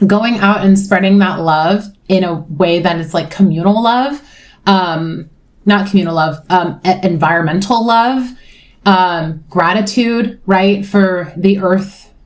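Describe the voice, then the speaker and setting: A woman's voice: fairly low pitch, a little slow. A young adult woman reading tarot in casual chat, rambling with many fillers, emotional and swearing freely. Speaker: tarot reader.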